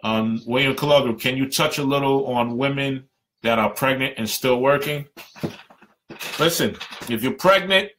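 A fired-up man addresses union members in a live stream, talking in a loose, colloquial way. His voice is bright and forceful, and he presses his points hard. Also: mid-range voice, moderate pace. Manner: passionate, emphatic, colloquial. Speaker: union representative.

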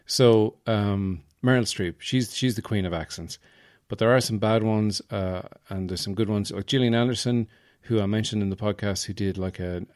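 A man's voice: lowish voice, a little mellow. A man hosting a solo podcast, chatting casually and rambling from thought to thought. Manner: rambling, meandering, many fillers and restarts. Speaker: podcast host.

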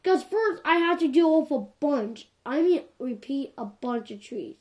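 High, lively woman ranting over gameplay. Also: measured pace. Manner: animated and exasperated, repeats "like, for real". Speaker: gameplay commentator. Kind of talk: casual game commentary.

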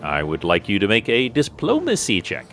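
Man, game master, low voice, bright tone, relaxed, many restarts, faint music behind. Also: normal speed. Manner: relaxed, lots of fillers and restarts. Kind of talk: narrating a tabletop game.

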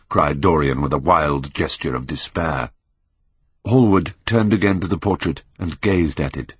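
A man narrating a classic novel as an audiobook, measured and expressive with dramatic swells, close to a studio mic. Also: very deep voice, breathy edge, no room sound. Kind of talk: scripted literary narration.

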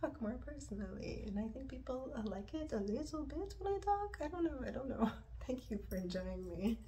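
A woman's voice: high-pitched, big pitch swings, moderate pace, mellow, slight background noise. Rambling, confessional woman vlogging from her bed. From Montreal, Canada. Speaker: yoga and stretching vlogger. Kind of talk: casual personal vlog chat. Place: her bedroom, sitting on the bed.

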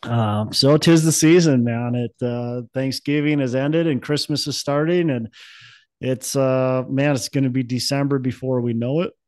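A man's voice: mid-range voice, fairly even intonation, normal speed, a little mellow, no room sound. A man hosting a podcast in casual chat, rambling and upbeat with plenty of fillers and restarts. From Minnesota. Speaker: podcast host.

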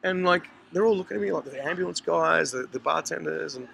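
A man with a fairly high, fairly quick voice and some vocal fry spins a lengthy, profanity-laced tale for friends in a hostel's indoor common area, animatedly voicing each person's lines. He hosts a podcast. The audio is low quality, with slight hiss or hum.

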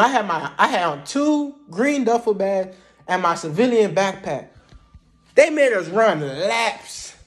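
A young man casually telling a story to the camera in a slangy, laid-back way, often tossing in words like "man" and "bruh". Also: sits high. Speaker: vlogger recounting Army basic training.

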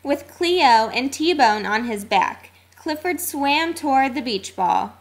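A woman reading a children's storybook aloud, expressive and sing-song. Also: high-pitched, slow pace. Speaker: narrator.

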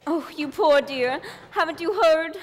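A woman's voice: high-pitched, measured pace. A woman playing a flustered young showgirl bride. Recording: reverberant stage sound.

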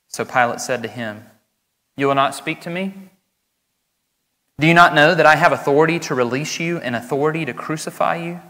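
A man's voice: mid-range voice, a bit bright. A man, a pastor, reading scripture and preaching a sermon in an earnest, emphatic way. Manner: earnest and emphatic, speeding up when explaining. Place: church sanctuary. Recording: reverberant church hall.

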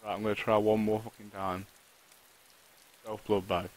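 A man's voice: on the low side, level tone, moderate pace, low-quality recording. A man talking to himself while live-streaming a survival game, swearing often and griping at the game. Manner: swears a lot, talks to himself and the game, frustrated outbursts. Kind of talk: live gameplay commentary.

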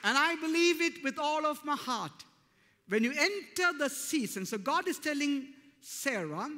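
A man's voice: very high-pitched, lively intonation, a little slow, bright, forceful tone. A man preaching a sermon as pastor, speaking emphatically and building to fervent declarations. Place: church hall. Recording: long hall reverb.

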